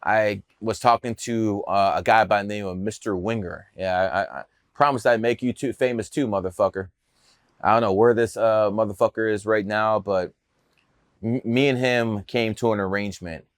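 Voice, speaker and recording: A man with a lowish voice speaks at a moderate pace, recorded at studio quality with no room sound. He's a Cleveland-area American numerologist appearing on a podcast, brashly boasting and swearing as he casually tells stories about his career.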